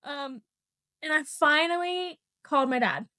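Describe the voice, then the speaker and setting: A young woman hosts a casual podcast chat, telling a story in a fairly high voice. She is animated and swears freely. She laughs in the middle of sentences. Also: a little slow. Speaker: podcast host.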